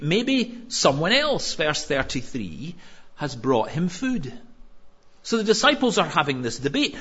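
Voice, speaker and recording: Husky, lively male preacher. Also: a little high, normal speed, muffled recording. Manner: lively, conversational storytelling with humor. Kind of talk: sermon.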